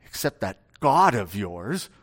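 A man's voice: on the low side, very animated, slow pace, a bit bright, voice pushed down, heavily acted. A man preaching, voicing an indignant, threatening older male patriarch in an accusing tone.

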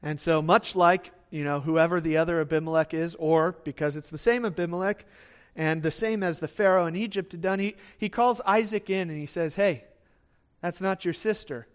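High-voiced man teaching a sermon. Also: a little fast, clean tone. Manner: expository Bible teaching with acted asides; conversational with fillers. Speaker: pastor.

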